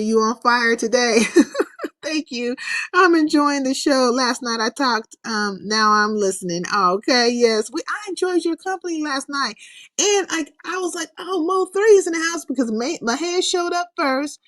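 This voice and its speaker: A woman hosting her own livestream, talking loosely and with lots of swearing as she rambles, reacts to comments and greets viewers. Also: on the high side. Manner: loose, profane, rambling chat with chat readers. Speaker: livestream host. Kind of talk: casual livestream chat.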